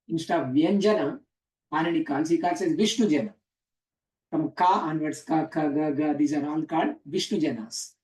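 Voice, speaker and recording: A man's voice: sits high, darkish tone, recorded from a distance. A man teaching a class on Sanskrit grammar, explaining step by step and quizzing the students. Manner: explanatory, asks the class questions, frequent "uh" and "huh?". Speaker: teacher of scripture. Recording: echoey room, speaker away from mic.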